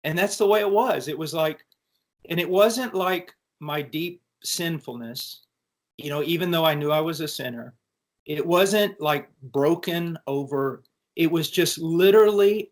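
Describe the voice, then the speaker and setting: A middle-aged American man giving an earnest, animated personal testimony in conversation, with frequent restarts. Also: fairly high pitch. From United States. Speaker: interview guest.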